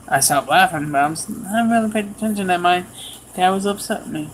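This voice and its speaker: A man preaching a sermon, telling a personal story with animated swings in pitch and pace. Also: fast talker, slight background noise, poor audio.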